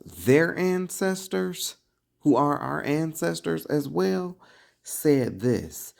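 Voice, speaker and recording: A man's voice: a little high, expressive, slow pace, gravelly. A man giving preachy, casual commentary as an online religious commentator, emphatic and full of rhetorical questions.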